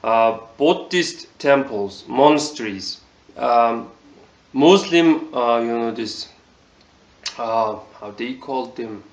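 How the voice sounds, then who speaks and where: A man with a Mongolian accent giving a casual spoken review, halting and full of fillers. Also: medium pitch, echoey room. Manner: halting, many fillers like "you know, this". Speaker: video reviewer.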